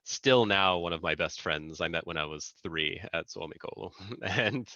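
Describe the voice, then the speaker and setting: A man's voice: deep voice, normal speed, pushed and bright, no echo. A man in his thirties, a guest engineer chatting casually in an interview, talking in loose sentences full of fillers and restarts. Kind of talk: casual conversation. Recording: dull lo-fi sound.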